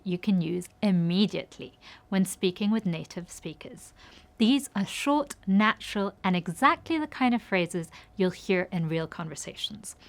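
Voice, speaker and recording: A woman reading a scripted language lesson, saying example phrases clearly and giving each translation in a measured way. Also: mid-range voice. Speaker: language teacher.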